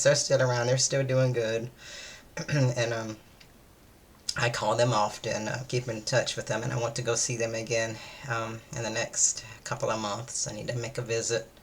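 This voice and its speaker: A tired woman, chatting casually in a vlog, meandering and hesitant, with many fillers and restarts. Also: a bass voice. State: weary, low-energy. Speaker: vlogger. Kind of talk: casual day-in-my-life chat.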